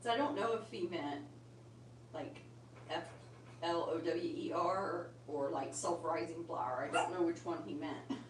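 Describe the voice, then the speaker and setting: A middle-aged woman whose voice sits low talks at a measured pace, hosting a casual indoor livestream at home where she chats and sweetly coaxes her pet bird for her bird channel. Recorded on a tripod-mounted phone, the audio is roomy, distant and full of loud noise.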